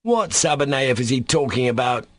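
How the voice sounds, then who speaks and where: Man playing a dumb angry young clerk, drawls and repeats himself, loud, dry audiobook mic. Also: medium pitch, sing-song, no room sound, voice pushed up. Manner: slow, drawn-out, repetitive shouting. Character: angry dim-witted young clerk, loutish and repetitive.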